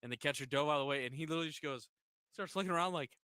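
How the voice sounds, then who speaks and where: A man's voice: fairly high pitch, rapid-fire, smooth, no room sound, studio quality. A man hosting a local sports radio show, chatting casually and telling stories while acting out the people in them. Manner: animated storyteller who acts out quoted people. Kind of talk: casual sports chat and storytelling.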